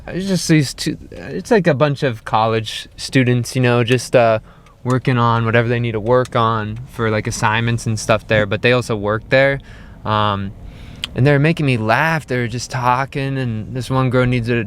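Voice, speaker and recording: A man's voice: medium pitch, a little hiss or hum. A man vlogging about pottery, telling a story in a loose, rambling way full of "like" and "right?", talking while he drives. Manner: rambling, filler-heavy, frequent "like" and "right?". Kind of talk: casual vlog storytelling. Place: in a car while driving.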